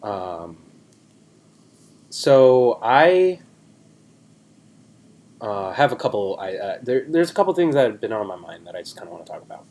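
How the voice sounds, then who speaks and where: A man's voice: on the low side, very animated, a little slow, long pauses, a little mellow. A young man in his twenties, a podcast co-host, chatting in a rambling, self-deprecating way on a video call. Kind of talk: casual chat.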